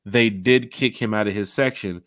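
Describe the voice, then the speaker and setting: A man hosting a fan podcast in casual chat, telling stories with lively acted-out quotes on a home mic and camera. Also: lowish voice, moderate pace, no echo. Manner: animated storyteller acting out quotes. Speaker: podcast host.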